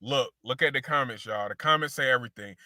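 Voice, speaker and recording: Bright-voiced man doing slangy sneaker talk. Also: medium pitch, fast, no room sound, clean studio sound. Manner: slangy, repeats phrases, addresses viewers as y'all. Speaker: sneaker show host. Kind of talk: casual sneaker commentary.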